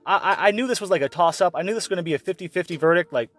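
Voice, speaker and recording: A man's voice: high voice, very fast, a bit bright. A man ranting sarcastically in an online commentary video, exasperated and swearing often. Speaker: commentary vlogger.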